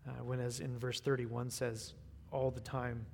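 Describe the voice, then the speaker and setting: American man, preacher, flat delivery, gravelly voice, long hall reverb. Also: medium pitch, a little hiss or hum. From United States. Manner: unhurried, earnest, repeats words when searching. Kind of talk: evening sermon and closing prayer.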